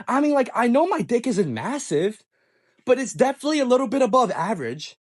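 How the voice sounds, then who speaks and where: A young man telling a personal story in a casual, profane, excitable way, often stammering and restarting. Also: high voice, moderate pace, husky.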